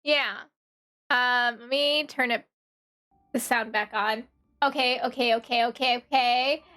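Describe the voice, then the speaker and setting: A woman live-streaming a game, chatting to her viewers in an animated, exasperated way and muttering to herself as she changes settings. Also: on the high side, a little slow, long pauses, faint music behind. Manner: animated and exasperated, talking to chat, swinging from grumbling to shrieking. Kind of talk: live-stream chat while gaming.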